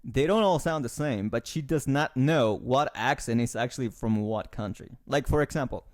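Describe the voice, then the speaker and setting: A man's voice: medium pitch, normal speed, no echo, studio quality. A young adult man hosting a podcast, telling rambling stories in casual chat and teasing his co-host. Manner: rambling storyteller, teasing, frequent restarts.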